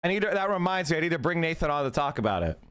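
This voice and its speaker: High-voiced heated male streamer. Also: very animated, very fast, fairly bright tone, smooth. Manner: heated, emphatic, repeats himself for force; profane. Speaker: livestreamer. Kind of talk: livestream commentary, reacting to chat.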